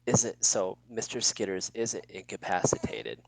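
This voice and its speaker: Low, gravelly man playing a tabletop game. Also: sing-song, no room sound, rough recording. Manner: thinking aloud, reading rules haltingly. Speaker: player. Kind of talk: casual tabletop game play.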